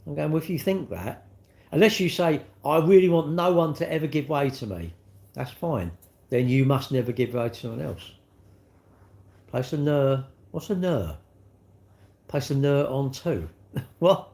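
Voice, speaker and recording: Chatty rambling man, lively pitch. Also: moderate pace, gravelly. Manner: chatty, rambling, ranting with rhetorical questions. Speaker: livestream host. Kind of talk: casual live-stream chat reading comments.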